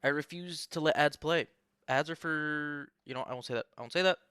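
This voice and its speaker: A young man streams sim-race commentary in a slightly high voice, recorded close and dry with no room sound. He rambles, jokes and swears freely as he banters with his chat. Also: brisk, bright, forceful tone, clean tone, dry recording. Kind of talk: casual live-stream commentary.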